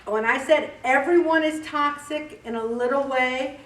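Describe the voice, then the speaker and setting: An older woman with a slightly high voice gives a chatty, direct talk to a group and acts out bits of dialogue. She is picked up from a distance in a roomy space. A faint hum sits behind her. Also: a little slow, fairly bright tone. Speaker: group leader speaking to a weight loss group. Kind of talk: casual motivational talk.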